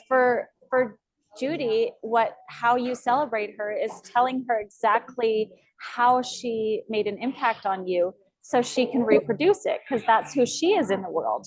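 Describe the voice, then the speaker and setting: A woman coach guiding a group call with a slightly high voice. She affirms what others share and asks reflective, open questions. The sound is that of a video call. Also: rough recording.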